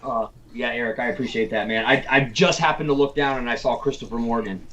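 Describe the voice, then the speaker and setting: Man from tennessee, relaxed livestream host, casual hobby chat, plenty of "um"s and restarts, mid-pitched voice. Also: slight background noise. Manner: easygoing, drawn-out fillers and repeats. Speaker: podcast host.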